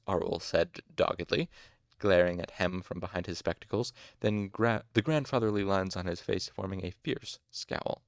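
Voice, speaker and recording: Male fan audiobook reader, low gravelly voice, dry close sound. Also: normal speed, dry recording. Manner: casual asides, mild exasperation at hard names.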